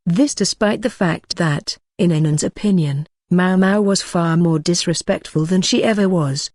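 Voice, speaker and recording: A woman's voice: lowish voice, normal speed, few pauses, darkish tone, no room sound. Woman narrating an audiobook in a dry, close voice. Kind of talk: scripted narration.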